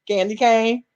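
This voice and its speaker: A woman from Alabama with a Southern accent, chatting casually to her live-stream viewers and reading their comments, sassy and quick to laugh. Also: a little high, darkish tone, muffled recording. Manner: sassy, talks straight to chat, laughs often. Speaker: vlogger reading live chat.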